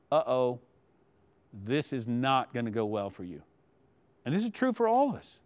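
A man preaching a sermon, swinging between hushed asides and emphatic points. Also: medium pitch, very animated, moderate pace, dry recording. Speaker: pastor.

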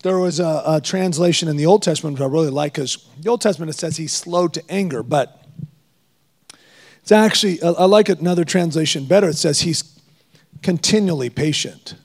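A middle-aged man preaching a sermon, his voice pitched high with a gravelly edge. He tells animated stories and jokes, laughing as he goes. He delivers it as a guest preacher. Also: brisk.

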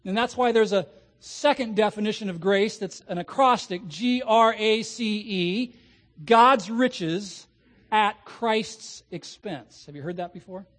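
High-voiced man preaching a sermon. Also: a bit bright. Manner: asks the congregation questions, slows down to stress key words. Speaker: pastor.

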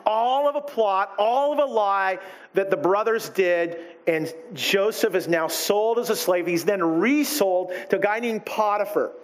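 A man preaching a sermon in an animated way, acting out the people he quotes. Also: high voice, measured pace. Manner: animated, acts out quoted characters. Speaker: pastor.

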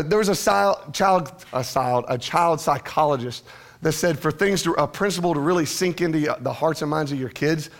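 A male pastor preaching a sermon in a church, with a conversational manner and joking asides to the congregation. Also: fairly high pitch.

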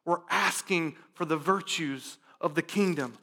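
A man preaching a sermon as pastor, dropping to a hushed prayer and rising to loud, emphatic calls, repeating phrases for emphasis. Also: on the high side, a little slow, gravelly, few pauses.

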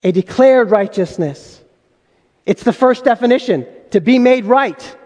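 Male pastor with a very high voice and an emphatic sermon delivery, recorded in a big reverberant hall. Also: lively intonation, a little slow, darkish tone. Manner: emphatic, full of rhetorical questions.

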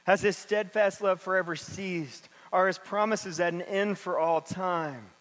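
A man's voice: high voice, fairly even intonation, measured pace, fairly bright tone. A man preaching a sermon in a church, reading scripture and then talking about it in a casual, conversational way. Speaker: pastor. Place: church sanctuary. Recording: long hall reverb.

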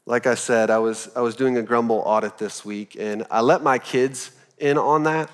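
A man in his thirties preaching a sermon as pastor, telling a story in a loose, animated, conversational way full of "like". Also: mid-range voice, normal speed, in a large hall. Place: church auditorium.

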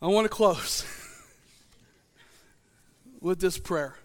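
Pastor, male, high gravelly voice, passionate sermon that climbs to shouts. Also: steady tone, moderate pace. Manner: preaching, building to shouted fervor. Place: church.

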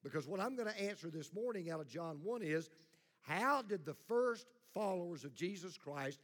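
Male pastor, middle-aged, blunt sermon delivery with call-and-response, somewhat high voice, long church reverb. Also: expressive, normal speed, fairly bright tone. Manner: blunt, plain-spoken preaching with congregation call-and-response. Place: church sanctuary.

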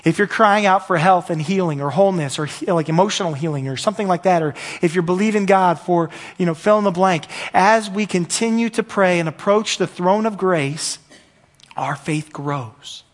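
A man's voice: high voice, moderate pace. A man preaching a sermon as pastor, earnest and repetitive, building in intensity at the peaks.

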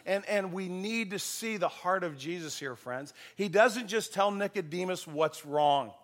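A man's voice: high-pitched, animated, unhurried, fairly bright tone. Man preaching a conversational sermon. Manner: conversational preaching with anecdotes, rising to emphatic passages. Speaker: pastor.

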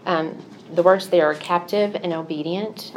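Earnest middle-aged woman, lower voice. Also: fairly even intonation, measured pace, a little hiss or hum. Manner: earnest, confessional storytelling. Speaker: Christian speaker. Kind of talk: personal faith teaching talk.

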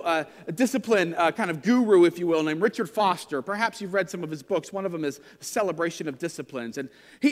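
A man's voice: high-pitched, big-room sound. A pastor in his thirties preaching a sermon in a conversational, self-deprecating storytelling way.

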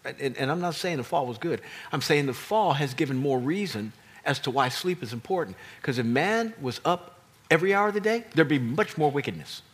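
Guy preaching a sermon, swoopy lively pitch, kinda husky, emphatic and playful. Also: a little fast. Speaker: pastor.

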